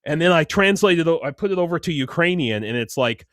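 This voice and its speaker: A man in casual video-call chat, telling stories in a rambling, animated way with frequent restarts. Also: a little high, a little fast, dry recording, studio quality. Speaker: guest, foreign soldier serving in Ukraine.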